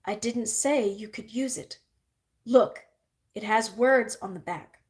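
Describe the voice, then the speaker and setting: A woman voicing a fierce, scornful adult witch who scolds in a sharp, biting way. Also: on the high side, slow. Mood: scolding.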